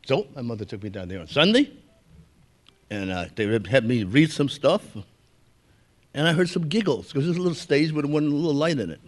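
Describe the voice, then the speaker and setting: A man's voice: on the high side, expressive, moderate pace, long pauses. An older man from Brooklyn giving a keynote speech, telling folksy, anecdotal stories and chuckling along with the audience. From Brooklyn, New York. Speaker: keynote speaker. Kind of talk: storytelling speech.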